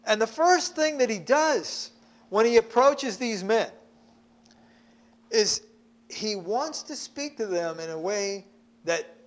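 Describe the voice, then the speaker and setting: A man preaching a sermon, emphatic, repeating words as he presses his points. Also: sits high.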